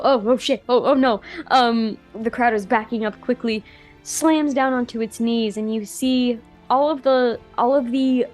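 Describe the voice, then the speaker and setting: A woman's voice: a little high, a little mellow. A woman game master narrating a tabletop scene in a casual, filler-heavy way.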